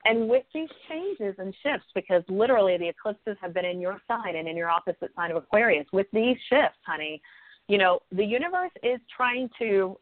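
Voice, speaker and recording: A woman's voice: mid-range voice, no room sound. A woman astrologer giving callers readings on a call-in show, affectionate and calling them honey and sweetheart. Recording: phone-like line.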